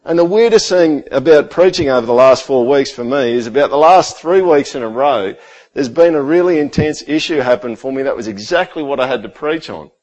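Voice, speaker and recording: A middle-aged man preaching a sermon in a conversational way, full of rhetorical questions, sometimes dropping to a quiet, intense tone. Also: medium pitch, lively intonation, brisk, rough recording. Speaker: pastor.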